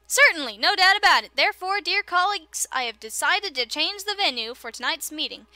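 Woman voicing a pompous formal professor, grand delivery, bright high tone. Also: lively intonation, fairly quick, no echo, full character voice. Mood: grandiose.

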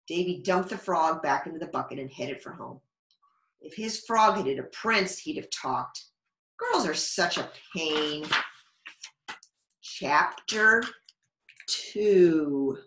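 A woman librarian reading a children's storybook aloud in a slow, expressive way. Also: deep voice, slight background noise. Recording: echoey room.

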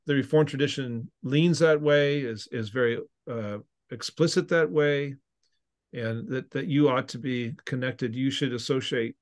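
Earnest man teaching in an interview. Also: mid-range voice. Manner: earnest, teaching tone with frequent restarts. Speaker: seminary professor and ordained minister. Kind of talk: podcast interview answer.

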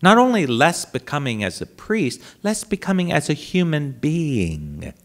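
A priest tells a story to a live audience in a dramatic way. He speaks slowly, and his pitch swoops widely. His voice drops to a hush and then rises loud. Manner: dramatic, animated storyteller who swings between hushed and loud. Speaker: priest giving a talk.

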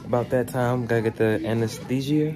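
A man's voice: medium pitch, brisk, crowd noise. A young man casually vlogging from a hospital room, talking to his viewers in loose slang. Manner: laid-back, slangy, talks to viewers.

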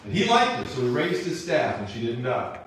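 A man teaching a Bible class in a church, retelling a story in an animated, casual way, recorded in an echoey room from a distant mic. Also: medium pitch, moderate pace, noisy background. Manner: animated, casual, acts out characters. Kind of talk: lively storytelling lesson.

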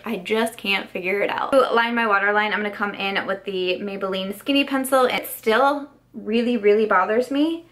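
A woman's voice: mid-range voice, normal speed, hardly any pauses, fairly bright tone. A young woman chatting at home while doing her makeup, retelling a falling-out in an exasperated, chatty way full of "like"s. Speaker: beauty vlogger. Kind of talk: get-ready-with-me storytime.

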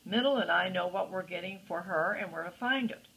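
Bossy big-brother mouse read by an older woman, husky, plain storybook voice. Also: lowish voice, brisk, a bit bright, low-quality recording. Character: bossy oldest boy mouse.

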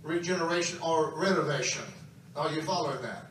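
A man's voice: a little high, brisk, a bit bright, a little hiss or hum. A man preaching a camp meeting sermon, emphatic and calling out to his congregation. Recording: very echoey hall, distant mic.

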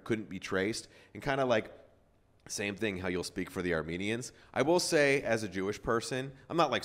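Man, low voice, podcast host, casual rambling storytelling, swears. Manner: loose, rambling with many fillers, swears.

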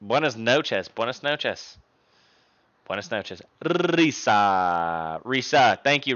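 A man's voice: mid-range voice, lively intonation, takes it slowly, fairly bright tone, lo-fi sound. A man in his twenties streaming live, chatting playfully and thanking viewers by name. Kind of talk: casual stream chat.

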